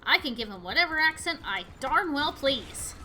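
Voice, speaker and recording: Brief: animated woman, higher bright voice, casual let's-play commentary. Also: normal speed, a little hiss or hum. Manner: chatty, excitable, yelps at the game. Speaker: gaming video host.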